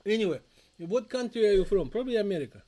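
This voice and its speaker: A man's voice: high voice, animated, quick pace, warm tone. A middle-aged man with a Russian accent, a native Russian speaker, co-hosting a live chat show from a home basement in a jokey, playful way. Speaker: co-host, father.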